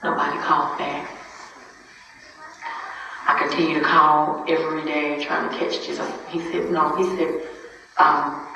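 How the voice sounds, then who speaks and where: A grieving mother in her forties giving a halting, repetitive account in a church, acting out the dialogue of the people she talked to. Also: deep voice, little pitch movement, vocal fry, background noise. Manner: halting, repeats herself, speaks out quoted dialogue. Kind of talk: emotional spoken testimony. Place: church hall. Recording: echoey hall, distant, dull sound.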